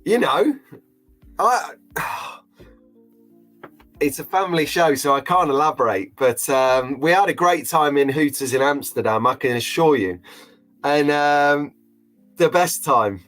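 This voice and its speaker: Middle-aged bloke hosting a stream, jokey and emotional, slightly high voice, soft music behind. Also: male voice, animated, a little slow, pauses often. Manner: chatty, jokey, openly emotional. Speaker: live-stream host. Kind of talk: casual live-stream chat.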